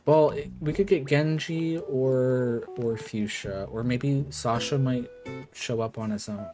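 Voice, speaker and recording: Male streamer, mid-pitched, casual rambly chat, game music behind. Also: takes it slowly. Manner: chatty, rambling, lots of "like" fillers. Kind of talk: casual live-stream chat while gaming. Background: background game music.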